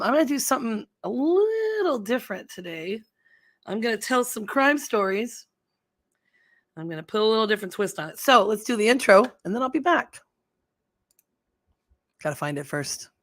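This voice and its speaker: A middle-aged woman chats casually on a livestream, rambling and laughing as she goes. Her voice sits at an ordinary pitch and sounds close and dry, with no room around it. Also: animated, normal speed, fairly bright tone, dry recording. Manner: chatty and rambling, laughs often, fumbles with settings. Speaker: livestream host.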